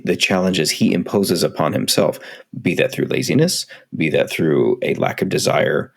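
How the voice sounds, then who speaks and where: A man's voice: low-pitched, creaky, husky. A man co-hosting a casual podcast conversation, speaking candidly and self-critically and swearing freely. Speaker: podcast co-host.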